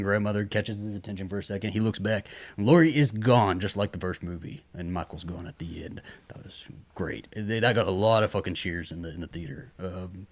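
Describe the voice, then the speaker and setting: A man co-hosting a casual podcast, recapping a horror movie scene by scene and swearing freely. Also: fairly low pitch. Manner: animated, swears freely, laughs often. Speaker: podcast co-host.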